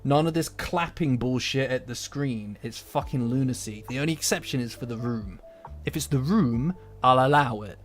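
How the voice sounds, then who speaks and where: Profane rambling British man. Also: mid-range voice. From Britain. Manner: rambling, profane, quickly agitated. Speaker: anime commentator. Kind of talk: casual chat to a stream audience. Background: faint lo-fi music.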